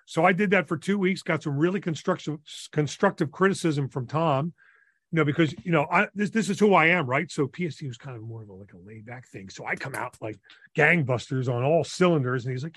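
A man in his sixties from New Jersey, a radio DJ telling stories in an enthusiastic, animated way as a podcast guest. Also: on the high side, fairly quick, breathy edge, no echo. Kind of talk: casual interview storytelling.

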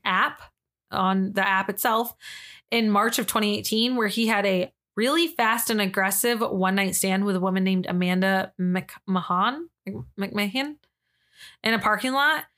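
Woman co-host for a true-crime podcast, mid-pitched, reads case notes and then gives her frank view. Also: unhurried, a bit bright. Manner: reads case details then gives blunt, disgusted opinions.

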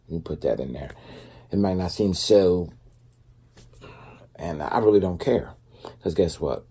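A man's voice: low-pitched, mellow, husky. A man talking loosely and conversationally in a casual faith-based vlog, full of fillers and asides. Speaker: vlogger.

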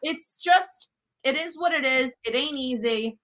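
Thirties woman, cooking show host as guest, bright and animated, laughs at herself. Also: high-pitched, unhurried. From United States. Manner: animated and self-deprecating. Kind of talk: casual interview chat.

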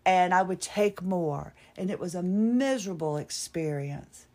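A woman's voice: fairly low pitch, expressive, a little slow, dark tone. A woman hosting a podcast, telling a candid, rambling personal story alone and poking fun at herself. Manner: candid, rambling, self-deprecating. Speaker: podcast host.

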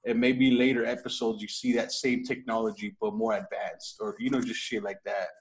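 Low-voiced man joking crudely. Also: little pitch movement, moderate pace. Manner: laid-back, crude joking. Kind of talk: casual podcast chat.

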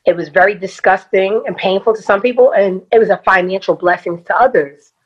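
A woman with a Brooklyn accent, a podcast guest telling stories in blunt, animated casual chat. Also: mid-range voice, fairly quick, husky, highs cut off. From Brooklyn, New York.

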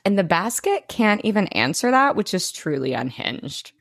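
A young woman co-hosting a podcast, recapping a TV episode in casual, animated chat and swearing freely. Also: mid-range voice, moderate pace, gravelly, dry recording, studio quality. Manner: animated, swears freely, acts out character lines. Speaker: podcast co-host.

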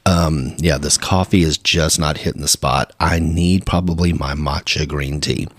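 A man's voice: a bass voice, fairly even intonation, measured pace, breathy edge, dry recording. A man hosting a casual solo podcast, rambling along conversationally with lots of fillers. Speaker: podcast host.

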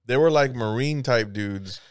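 A man in his thirties telling a profane, animated story in casual chat, acting out the voices of the people in it. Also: mid-range voice, a little slow, smooth, dry recording, clean studio sound.

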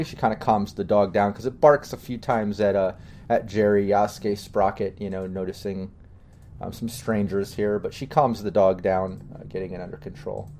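Male game master, low mellow voice, halting and full of fillers. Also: steady tone, slight background noise. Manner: loose and halting, with many fillers. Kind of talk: narrating a tabletop game.

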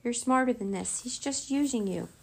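Fiery, outspoken girl hero read by a woman, higher and urgent, storybook reading. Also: moderate pace, gravelly, darkish tone.

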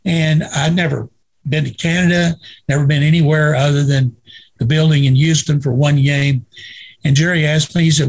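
Gravelly older storyteller. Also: male voice, fairly high pitch, moderate pace. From Waco, Texas. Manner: lively anecdotal storyteller, acts out quoted dialogue. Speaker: guest, retired sportswriter. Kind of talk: storytelling in a casual interview.

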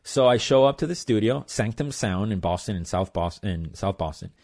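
A man's voice: on the low side, lively intonation, normal speed, gravelly, a little mellow. A male percussionist, a guest in an interview, telling his story in a casual, rambling way with plenty of fillers. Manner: rambling, loose, lots of fillers and "blah blah".

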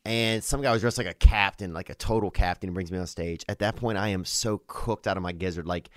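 Low-voiced man telling rowdy stories. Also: a little fast. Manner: animated storyteller, swears freely, says "bro" and "dude". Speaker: stand-up comedian. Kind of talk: casual podcast storytelling.

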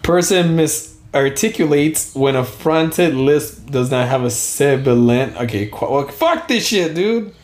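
A man's voice: on the high side, animated, a little slow, hardly any pauses, darkish tone. A young man co-hosting a casual podcast, rambling, swearing often and laughing at himself. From Southern California. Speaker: podcast co-host. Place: small warm room. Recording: roomy echo.

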